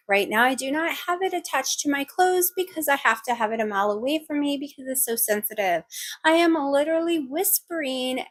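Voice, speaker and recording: A woman chatting casually to her viewers while cooking at home, excitable and rambling, talking into a clip-on mic. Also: fairly high pitch. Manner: rambling, excitable, talks fast in bursts. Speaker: vlogger. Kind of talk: casual vlog chat. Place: home kitchen, cooking at a griddle. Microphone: new clip-on wireless mic, sometimes clipped to the stove away from her.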